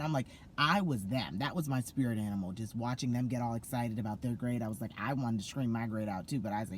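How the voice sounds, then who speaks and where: A man's voice: medium pitch, fast, few pauses, a little hiss or hum. Gushing young man vlogging. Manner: gushing, effusive, many fillers and restarts. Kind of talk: excited casual vlog to camera.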